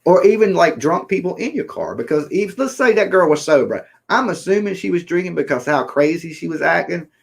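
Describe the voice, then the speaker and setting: A man's voice: a little high, expressive, a little fast, gravelly, few pauses. A man telling a story in a casual, rambling way, often checking in with "right?" and acting out what people said. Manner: rambling, repeats "right?" often, acts out quotes. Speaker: livestream host.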